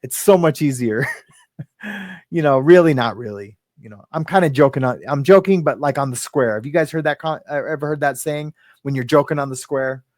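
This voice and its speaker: A man with a medium-pitched, darkish voice hosts a casual live stream at a brisk pace. The sound is clean studio audio with no room sound. He rambles, laughs often, and greets chat viewers by name.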